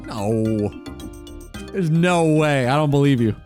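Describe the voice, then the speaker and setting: A man's voice: fairly high pitch, animated, takes it slowly, darkish tone, faint music behind. A man chatting casually on a gaming stream, teasing and mock-incredulous.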